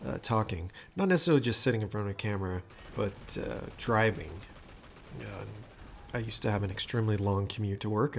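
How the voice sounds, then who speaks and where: A man with a fairly low-pitched voice talks casually into a new microphone in a room at home for his audio vlog. He rambles, using lots of fillers, restarting sentences and swearing, with slight background noise behind him.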